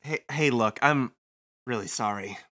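A man's voice: medium pitch, measured pace, bright, forceful tone. A man reading aloud the lines of an anxious, apologetic young woman in a video game, in his own voice. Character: young woman, anxious and self-critical teammate.

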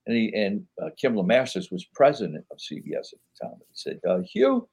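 A man's voice: fairly low pitch, lively intonation, fast, vocal fry, a little mellow, husky. A man, a podcast guest rambling through anecdotes with lots of fillers and voicing the people he quotes. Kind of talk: casual interview storytelling.

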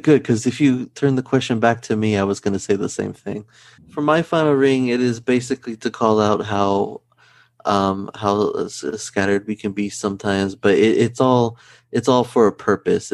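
A man co-hosts a casual online podcast in a low voice, joking with energy. His sound is dry, with no room in it. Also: no room sound. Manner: jokey, energetic. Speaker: podcast co-host.

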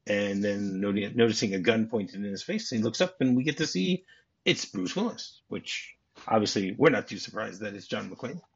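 A man's voice: lowish voice, husky. A man hosting a podcast, casually recapping a movie scene, chuckling often and restarting his words. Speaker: podcast host. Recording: slightly muffled lo-fi recording.

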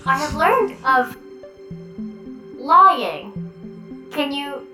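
A woman voicing a childlike, naive young female android who speaks slowly and literally. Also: sits high, animated, far from the mic, loud music behind the voice, voice pushed up, exaggerated voice. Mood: earnest. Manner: slow, halting, literal phrasing.

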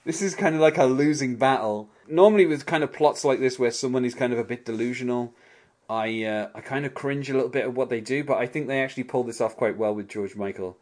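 A man hosts a laid-back podcast conversation in a voice of ordinary pitch. He wanders through his points with plenty of hedging and slips small laughs between phrases. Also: fast talker, a little mellow. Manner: rambling, hedging with "kind of", laughs often. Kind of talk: casual chat.

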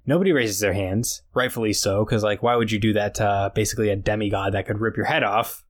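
A man's voice: fairly low pitch, steady tone, fast talker. A man co-hosting a podcast, retelling a story in casual chat with lots of fillers and quoted lines. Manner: retells scenes with quoted dialogue, many fillers. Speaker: podcast co-host.

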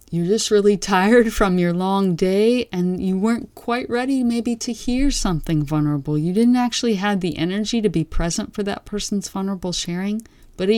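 A woman giving a slow, gentle, reflective teaching talk with long pauses. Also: medium pitch, no echo. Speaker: meditation teacher. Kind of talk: dharma talk.

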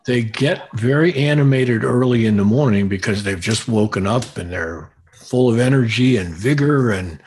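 A man's voice: mid-range voice, a little mellow, breathy edge. An older man answering listener questions as a guest, chatting in a friendly way and chuckling as he explains. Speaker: guest bird recordist. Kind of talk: conversational Q&A.

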